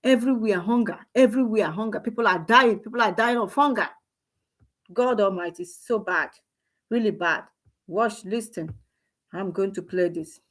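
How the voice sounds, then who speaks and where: A woman's voice: medium pitch, normal speed. A woman with a Nigerian accent delivering an emotional, exclamatory commentary monologue, repeating herself and calling out to God. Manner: emotional, repetitive, exclamatory, preachy. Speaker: online commentator.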